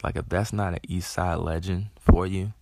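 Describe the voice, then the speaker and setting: A man's voice: low-pitched, fairly even intonation, moderate pace, creaky, darkish tone, no room sound. A man hosting his own show, talking in a loose, rambling way with many fillers and restarts. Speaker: podcast host. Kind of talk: casual monologue.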